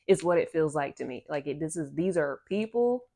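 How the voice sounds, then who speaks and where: A woman's voice: low-pitched, animated, fairly quick, warm tone. Rambling woman giving a card reading. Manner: rambling, repetitive, slangy. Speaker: oracle card reader. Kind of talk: casual channeled card reading.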